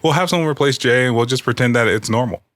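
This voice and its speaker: A man's voice: mid-range voice, fast talker, fairly bright tone, no room sound. A man hosting a casual podcast, joking and rambling with his co-hosts and laughing often. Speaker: podcast host.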